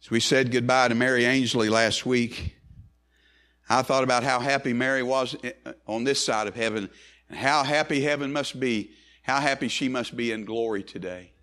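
A man preaching a sermon as pastor, swinging from quick, low asides to slow, high, emphatic rises on key phrases. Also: steady tone, fairly bright tone.

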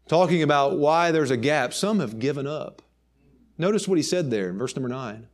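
A man's voice: on the high side, animated, moderate pace, darkish tone. A man preaching a sermon with emphasis, reading old scripture aloud.

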